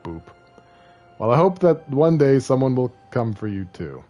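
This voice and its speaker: A man's voice: medium pitch, sing-song, moderate pace, highs cut off, faint music behind. A man streaming a video game, chatting casually and joking, rambling and slipping into silly voices. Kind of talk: casual gaming livestream commentary.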